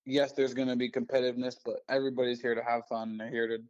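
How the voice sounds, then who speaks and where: Flat-voiced man on a dull phone line. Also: medium pitch, racing, smooth. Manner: earnest, with restarts. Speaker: guest on the phone. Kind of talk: casual chat.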